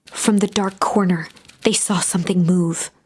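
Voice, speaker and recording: A woman narrating the story text of a game, in a storybook style, with a hushed delivery in tense passages. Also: on the low side, fairly even intonation, unhurried, slightly rough.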